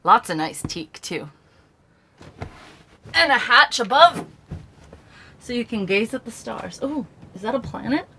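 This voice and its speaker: A woman hosting a vlog, giving an excited, giggly tour of a small sailboat she is aboard. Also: on the high side, a little slow, pauses often, noisy background. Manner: excited, giggly, with frequent laughs. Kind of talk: casual tour walkthrough.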